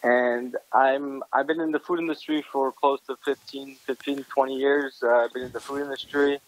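A man in his thirties with an American accent, a chef answering interview questions in a halting way, restarting and repeating words. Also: mid-range voice, fairly even intonation, rough recording. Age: 30s. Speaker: guest chef.

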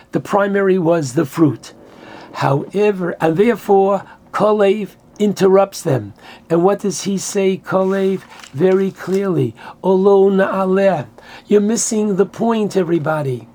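A man's voice: high voice, darkish tone. A man teaching a Torah class, earnestly explaining verses, quoting Hebrew and translating as he goes.

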